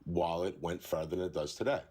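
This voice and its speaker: A middle-aged man from New York calling into a live stream debate, arguing in a halting, tired way. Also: low voice, mellow. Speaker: caller.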